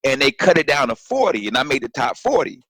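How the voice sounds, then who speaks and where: A man and guest comedian telling a story in casual, animated chat on a remote call, swearing and acting out voices. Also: medium pitch, a little fast, slightly rough, rough recording. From Florida. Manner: animated, profane, acts out voices.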